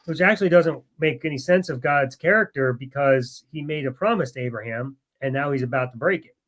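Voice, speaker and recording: A man co-hosting a podcast in casual discussion, wry and quick to laugh, putting on voices to make his points. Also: medium pitch, a bit bright. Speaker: podcast co-host.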